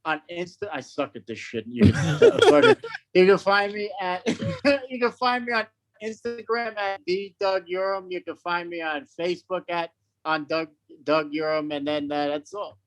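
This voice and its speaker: A man's voice: sits high, animated, normal speed, dry recording. A man guesting on a podcast, swearing freely and poking fun at himself with frequent laughs. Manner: profane, self-mocking, laughs often. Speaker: guest comedian. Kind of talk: casual chat.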